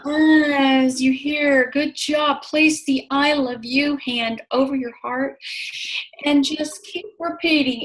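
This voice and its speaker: A woman healer leading a guided healing session, speaking slowly and soothingly, repeating phrases. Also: high-pitched, a bit bright, low-quality recording. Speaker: energy healer.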